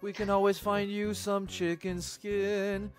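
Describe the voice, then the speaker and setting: A man's voice: high voice, little pitch movement, slow pace, music in the background. A man playing a tabletop game who speaks in character in a formal, courtly manner. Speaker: player. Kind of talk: in-character tabletop role-play.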